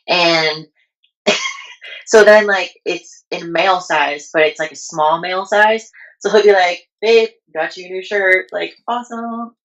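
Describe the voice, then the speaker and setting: A woman's voice: on the low side, fairly bright tone, lo-fi sound. A woman guest on a podcast, talking in a laid-back way, full of likes and ums. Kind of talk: casual interview chat.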